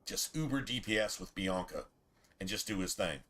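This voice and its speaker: A man's voice: deep voice, expressive, moderate pace, fairly bright tone. A man streaming a video game, chatting in a rambling, laid-back and profane way. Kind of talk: casual gameplay commentary.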